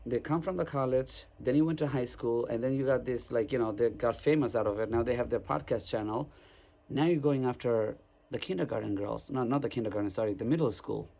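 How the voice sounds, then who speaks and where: A gravelly-voiced man rants casually to the camera at a middle pitch. He rambles through his story, repeating and restarting phrases as he goes. He sounds like a street photographer telling a story from his day. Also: a little fast, warm tone.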